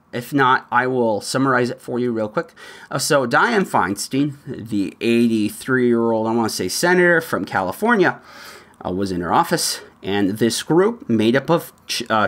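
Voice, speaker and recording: A man hosting a podcast, giving opinionated political commentary in an animated way and often laughing mid-sentence. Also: mid-range voice. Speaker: podcast host.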